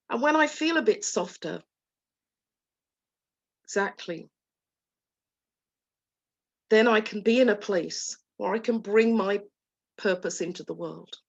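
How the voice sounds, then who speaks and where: A woman coach talking gently and soothingly to an online group, voicing soft inner dialogue. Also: medium pitch, takes it slowly, creaky, pauses often, husky, dull audio. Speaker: guest coach. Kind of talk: talk to a live online group.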